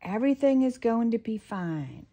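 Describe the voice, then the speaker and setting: SpongeBob, bold and excited, read by a woman. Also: on the high side, moderate pace, lo-fi sound, pitched above the performer's own voice. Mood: heroic. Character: brave, cheerful sea sponge manager, male. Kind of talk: storybook read-aloud.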